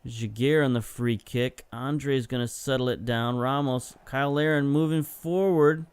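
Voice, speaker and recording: A young man giving casual, chatty play-by-play commentary over highlights from a football management game, getting excited at chances and correcting himself as he goes. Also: measured pace, clean tone, no echo. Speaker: gaming video host.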